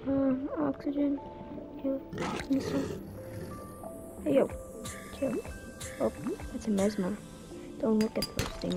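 A young woman giving casual, chatty commentary as she plays a game, with quick excited exclamations. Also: high-pitched. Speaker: gamer. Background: game music.

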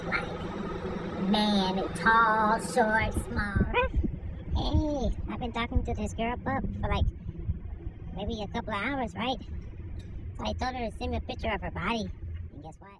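A woman's voice: medium pitch, unhurried, long pauses, heavy background noise, natural voice. A woman voicing a crude, boastful male chihuahua in a comedic talking-dog skit, with slangy, profane, cheeky talk.

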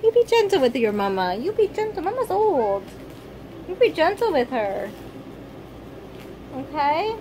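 A woman filming her family at home, chatting with her kids in playful baby talk that turns quiet and tired late at night. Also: high-pitched, very animated, measured pace, pauses often, a little hiss or hum, poor audio. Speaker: mother and family vlogger. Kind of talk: casual home video chat.

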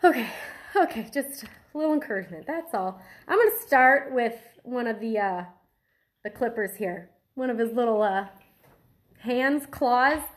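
Woman, casual vlog, nervous, giggly, talking to camera, slightly high voice. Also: lively intonation, moderate pace. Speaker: vlogger. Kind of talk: casual food-tasting vlog.

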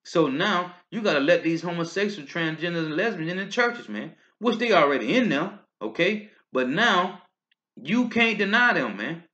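A high-voiced street preacher with a sharp tone reads scripture at a moderate pace in a sermon video, his pitch swinging widely. His emphatic bursts rise and fall, and lines end with "man, okay?" The lo-fi audio is dull.

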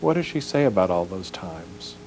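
A man's voice: deep voice, big pitch swings, normal speed, a little mellow, a little hiss or hum, low-quality recording. A man interviewing a guest, asking probing questions and reacting with sympathy. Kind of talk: casual interview chat.

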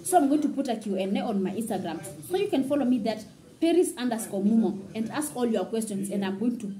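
Fast-talking woman vlogger, mellow voice. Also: a little high, expressive, poor audio. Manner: very fast, run-on talk. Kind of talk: casual storytelling vlog.

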